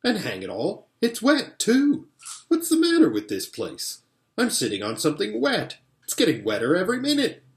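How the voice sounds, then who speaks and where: A man voicing an eager, bossy schoolboy big brother in a storybook reading, exclaiming excitedly, in a roomy-sounding space. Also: mid-range voice, moderate pace, close to an everyday voice. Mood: alarmed. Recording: roomy echo.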